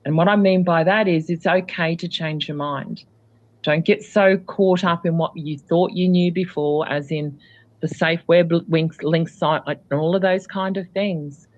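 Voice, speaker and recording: A man speaking as a guest in casual chat, rambling and hesitant, with lots of fillers. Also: on the high side. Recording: dull lo-fi sound.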